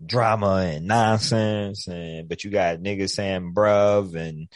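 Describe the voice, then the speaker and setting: A man co-hosting a casual chat, talking loosely and profanely with lots of restarts and bursts of excitement. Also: sits low, slow pace, no room sound. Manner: profane, rambling, animated. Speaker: podcast co-host. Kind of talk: casual chat about TV shows.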